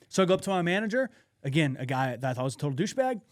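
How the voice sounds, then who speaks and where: A man co-hosting a podcast, telling a personal story in an animated way with frequent swearing. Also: fairly high pitch, rapid-fire. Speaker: podcast co-host. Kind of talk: casual podcast chat.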